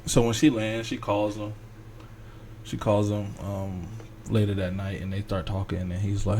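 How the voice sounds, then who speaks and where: In a loose, rambling way, a man hosting a podcast tells a long story, acting out the characters' lines in quick voices. His voice is lowish and darkish, with little pitch movement. There's slight background noise.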